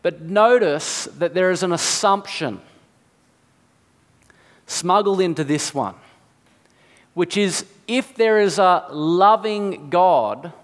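A man's voice: high voice, long reverb tail. A man preaching a sermon, reasoning aloud with rhetorical questions and acted asides.

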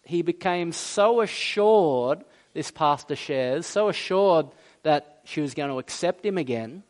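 A man preaching a sermon in a conversational way, asking his listeners rhetorical questions and acting out quoted speech. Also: on the high side. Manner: acts out quoted speech in varied voices. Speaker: pastor.

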